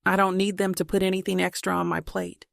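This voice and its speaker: Woman doing a laid-back young man, playful, slightly gravelly read, dry sound. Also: medium pitch, fast talker, dry recording. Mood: easygoing. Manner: relaxed, playful with his grandmother. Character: easygoing young adult man, grandson.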